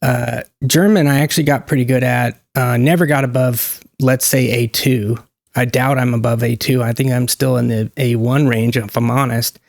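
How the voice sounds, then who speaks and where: Man, channel host, casual monologue, rambling, self-interrupting, gravelly voice, dry close sound. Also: mid-range voice, fairly even intonation, normal speed, no echo.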